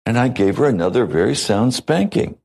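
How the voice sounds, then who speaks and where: A man preaching a sermon as a pastor, measured and deliberate, with long pauses between phrases. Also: mid-range voice, expressive, vocal fry, a little mellow, husky, rough recording.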